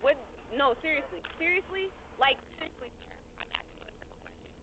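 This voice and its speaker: A young woman with a high voice argues with police on a residential street at night. She presses her questions again and again. The police video is muffled, and loud background noise sits under her words. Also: expressive, fast. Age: young adult. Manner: insistent, repeats her questions. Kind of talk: argument with police. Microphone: police video camera.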